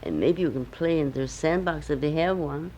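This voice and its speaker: A woman's voice: deep voice, normal speed, warm tone, a little hiss or hum, pitched below the performer's own voice, close to an everyday voice, rough recording. An older woman voicing a kindly, fatherly old man in the moon in a storybook tale, patient and reassuring.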